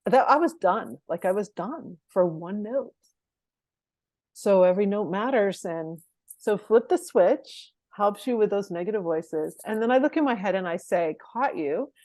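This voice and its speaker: Animated middle-aged woman coach, dry sound. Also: medium pitch, unhurried, no echo. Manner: animated, laughs often between phrases. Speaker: performance coach, interview guest. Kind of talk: conversational interview storytelling.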